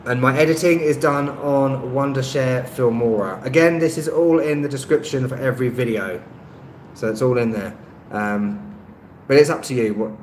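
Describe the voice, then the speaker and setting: A man's voice: medium pitch, roomy sound, a little hiss or hum, rough recording. A man hosting a casual live-stream chat, answering viewers' comments in a rambling, hesitant way with lots of ums and self-deprecating asides. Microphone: phone on a stabilizer.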